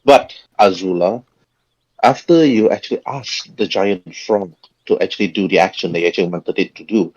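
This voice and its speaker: A man running a tabletop game as game master, talking in a halting way with frequent chuckles. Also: on the low side, darkish tone, rough recording.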